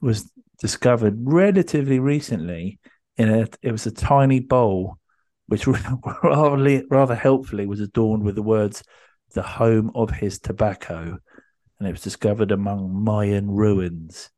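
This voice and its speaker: A man's voice: lowish voice, measured pace, dark tone. A man hosting a podcast, telling a story in a rambling way with many ums and restarts. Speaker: podcast host. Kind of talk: casual podcast chat.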